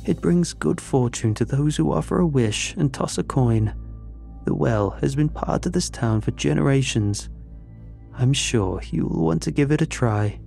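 A man voicing a sweet-talking older woman neighbor with a soft, sing-song, chirpy manner that hides something sinister. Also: medium pitch, lively intonation, a little slow, creaky, faint music behind, pitched above the performer's own voice.

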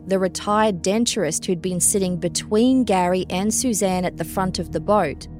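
Woman narrating true crime over faint music. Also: medium pitch. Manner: measured, even storytelling delivery.

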